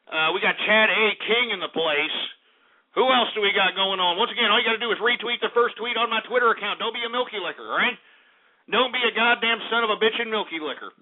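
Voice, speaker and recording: A man's voice: sits high, quick pace. A man hosting a talk radio show, ranting and swearing with bursts of mock outrage. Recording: tinny phone-like audio.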